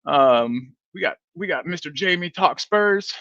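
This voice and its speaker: A man's voice: a little high, expressive, a little slow, fairly bright tone, no echo. Sleepy man rambling on a stream. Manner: rambling, reads viewer comments aloud. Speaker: fan channel host. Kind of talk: casual live-stream chat. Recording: dull, dry stream audio.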